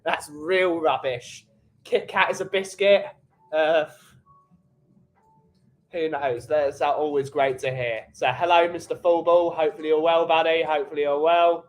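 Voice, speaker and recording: A man's voice: fairly high pitch, steady tone, normal speed, low-quality recording. A man who runs a small coffee company, chatting casually on a livestream and greeting viewers in the chat by name. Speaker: coffee shop owner and livestream host.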